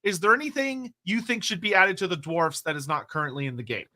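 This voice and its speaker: A man's voice: sits high, fast talker, bright, forceful tone. A man hosting a casual stream, reading out viewer questions in a loose, rambling way with casual swearing. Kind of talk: casual livestream chat.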